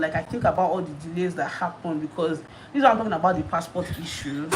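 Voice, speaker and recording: A fast-talking Nigerian woman in her thirties with a lowish voice fields viewer questions during a YouTube live stream. Her manner is casual, full of laughter and repetition, and the audio is noisy.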